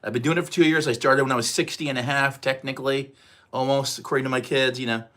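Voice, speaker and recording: A man's voice: medium pitch, steady tone, fast talker, a bit bright. A man in his sixties from the United States, hosting a casual livestream, talking to the chat in a rambling, repetitive way that turns heated and emphatic. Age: 60s. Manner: rambling, repeats himself, gets heated and emphatic. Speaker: livestream host.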